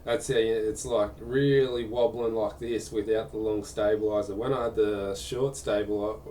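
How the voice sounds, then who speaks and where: A man's voice: lowish voice, steady tone, moderate pace, dark tone, a little hiss or hum. A man chatting casually during a live gaming stream, answering viewer questions in a rambling way.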